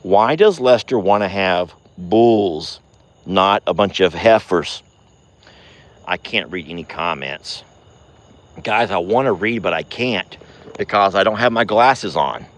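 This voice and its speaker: A man hosting a casual ranch vlog outdoors at night, drawling to viewers and cooing in a high sing-song at his cows. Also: expressive, takes it slowly. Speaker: ranch vlogger.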